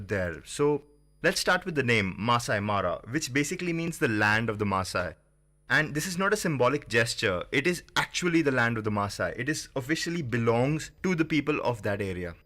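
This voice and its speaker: A man's voice: mid-range voice, pushed and bright. Thoughtful man explaining on radio. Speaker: studio guest. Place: radio studio.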